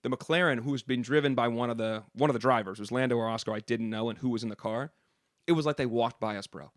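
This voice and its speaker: A man co-hosting a podcast tells a story at a rapid clip, animated and loose, dropping slang as he goes. His voice is mid-pitched and sits close and dry, with no room sound behind it. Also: no echo. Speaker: podcast co-host and sports reporter. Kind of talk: casual chat, storytelling.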